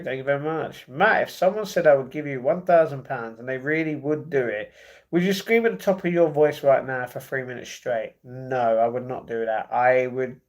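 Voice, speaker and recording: A man from the UK, hosting a casual livestream and reading viewer comments aloud before answering them, often apologetically, into earbud microphones. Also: mid-range voice. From United Kingdom. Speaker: livestream host. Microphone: wireless earbuds.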